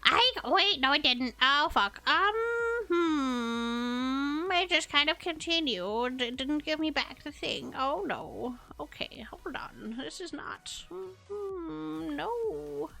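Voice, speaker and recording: Woman streamer, old-lady voice changer, bright and very high, casual, cursing, amused. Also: lively intonation, slow pace, creaky. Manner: exasperated, swearing, laughing. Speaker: streamer and game developer. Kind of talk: casual live-stream chat while coding. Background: faint background music.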